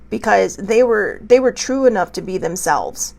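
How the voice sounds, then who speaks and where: A woman hosting her own show, speaking with tearful anger in impassioned personal commentary, moving between soft near-whispers and raised outbursts. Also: mid-range voice, animated, normal speed, gravelly. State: tearful, angry. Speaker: show host.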